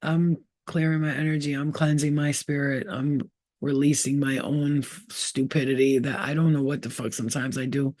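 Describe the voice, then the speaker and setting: A woman's voice: normal speed, dry recording, studio quality. A woman hosting her own channel as a spiritual healer, giving a casual, blunt pep talk full of swearing, acting out voices as she goes. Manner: blunt and profane, acts out quoted voices; animated, often jumps higher in pitch.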